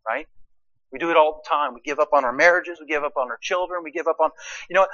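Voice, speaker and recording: A man preaching a sermon, swinging from quiet asides to loud, emphatic lines and asking his listeners rhetorical questions. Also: on the high side, fast, dull audio. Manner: asks the congregation rhetorical questions.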